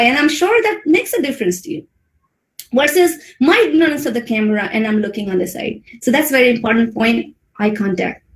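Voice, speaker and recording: A woman with an Indian English accent giving a webinar talk on public speaking. She speaks expressively and shows voice modulation with big swings in pitch. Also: echoey room, low-quality recording. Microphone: video call mic.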